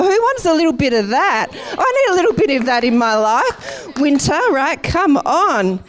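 A middle-aged woman, a campus pastor giving a lively, playful welcome and sermon in church. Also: on the high side, normal speed, hardly any pauses. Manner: chatty and playful, laughing at herself. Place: church auditorium.

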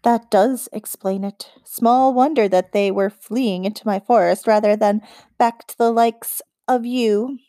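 A woman's voice: a little high, fairly even intonation, dark tone, no room sound, studio quality, natural voice. A woman voicing a mocking witch queen. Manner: mocking, slow and deliberate. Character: proud cold female forest witch queen. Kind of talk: audiobook character reading.

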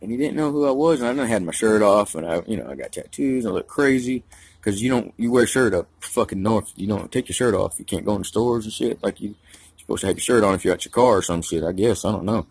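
A man's voice: on the low side, quick pace, vocal fry, a little mellow, slightly rough, dry recording. A man from Georgia, rambling through a casual, profane story. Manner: rambling, heavy profanity, slangy.

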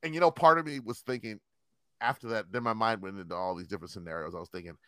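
A man telling a long story in casual chat, animated and profane, acting out the quotes. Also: lowish voice, fast, no echo, clean studio sound.

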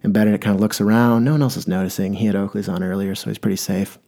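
A man's voice: fairly low pitch, fairly even intonation, very fast, mellow. A man hosting an episode, telling a rambling comic story with wry asides. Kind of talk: comedic monologue.

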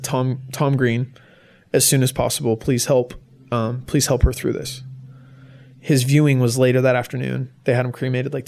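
Young guy with a gravelly, flat voice, halting emotional testimony to a crowd. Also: medium pitch. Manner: halting, emotional storytelling with many restarts. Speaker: guest speaker. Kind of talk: personal testimony to a live audience.

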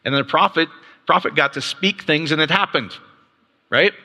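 A man's voice: a little high, normal speed, bright, forceful tone. A man giving a casual Bible teaching with slides to a live group, checking in with rhetorical questions and often restarting his sentences. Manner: casual, peppers points with rhetorical "right?"; frequent restarts and stammered repeats. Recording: long reverb of a large hall.

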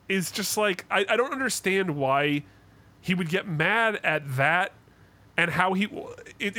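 Young male podcast co-host, slightly higher voice, worked-up ranter who swears and acts out quotes. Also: bright, forceful tone. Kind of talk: casual chat.

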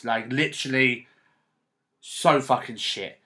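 Bright-voiced man telling a story. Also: medium pitch, expressive. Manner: storytelling, halting and emotional. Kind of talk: casual chat.

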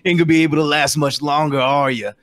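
A man voicing a boastful male brawler in a slap contest who taunts and curses his rival, talking above his normal pitch. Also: steady tone, quick pace, a bit bright, lightly acted. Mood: taunting. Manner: taunting, swearing, mostly raised pitch.

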